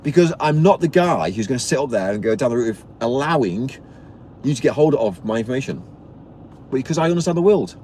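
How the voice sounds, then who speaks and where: A man's voice: mid-range voice, expressive, fast talker, darkish tone, slight background noise. A man ranting bluntly on a live stream, preachy and swearing, stumbling and repeating words as he goes. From Britain.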